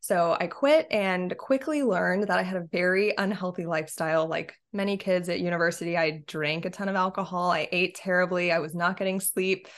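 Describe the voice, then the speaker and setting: A woman's voice: on the low side, steady tone, a little fast, few pauses. A woman fitness coach talking candidly in an interview, with lots of "like" and "you know". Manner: candid, uses many fillers like "like" and "you know". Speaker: health and fitness coach, guest. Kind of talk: casual interview talk.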